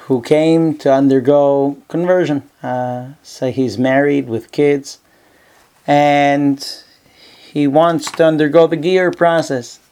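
A man's voice: a little high, fairly even intonation, takes it slowly, mellow, clear, resonant tone. A man, a rabbi teaching a class in an office, telling a story in a conversational way with many fillers. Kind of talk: storytelling lecture.

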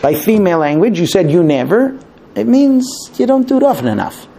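A man giving a lecture, animated, acting out quoted exchanges in raised voices. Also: high-pitched, fairly quick, creaky, slight background noise. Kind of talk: spoken lecture to an audience.

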